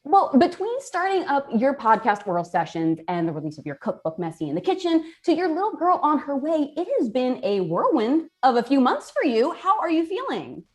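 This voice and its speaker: A woman's voice: sits high, huge pitch swings, fairly quick, hardly any pauses, darkish tone. A woman hosting a casual chat show, bubbly and sometimes talking with food in her mouth. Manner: bubbly, talks while eating. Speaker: host.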